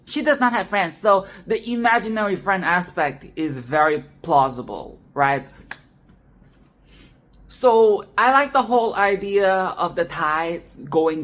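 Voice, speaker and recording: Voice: mid-range voice, fairly bright tone. A host giving a casual, sarcastic film review monologue, chatting loosely, laughing often and swearing freely.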